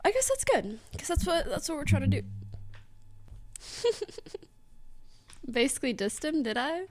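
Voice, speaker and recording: Giggly, animated young woman streamer. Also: high-pitched, a little slow. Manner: giggly, animated storytelling with lots of laughter. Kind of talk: casual chat to stream viewers.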